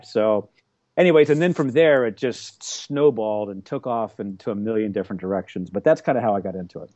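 A man's voice: medium pitch, a little fast, a little mellow, no room sound, lo-fi sound. A man in his forties, an interview guest telling a long story in a casual, rambling way with many fillers and restarts. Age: 40s.

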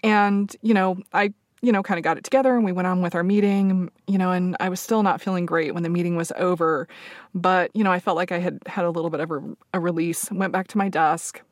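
A woman telling a personal story in an open, reflective way, filling pauses with soft fillers and close to tears. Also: lowish voice, steady tone, no echo. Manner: open and reflective, many fillers, laughs softly. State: emotional, near tears.

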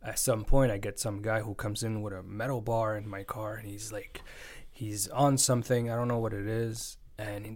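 A man's voice: on the low side, fairly even intonation, moderate pace, hardly any pauses, darkish tone. A man who works as a driver, telling stories in a casual chat in an earnest, plainspoken way. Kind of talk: casual podcast chat, storytelling.

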